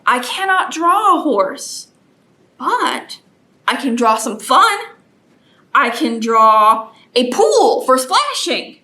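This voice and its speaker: Animated woman reading to children. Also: high-pitched, slow. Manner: animated, gasps, exaggerated for kids. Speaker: children's librarian. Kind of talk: children's storytime.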